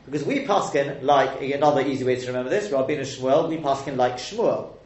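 A man's voice: mid-range voice, fairly quick, a little mellow. A man teaching a text lesson, explaining step by step and quizzing his listeners with rhetorical questions. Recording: echoey room.

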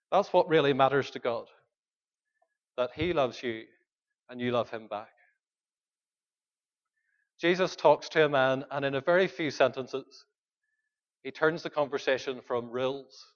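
A man's voice: mid-range voice, dull audio. A man preaching a sermon, earnest and pleading, putting questions to the congregation. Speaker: pastor.

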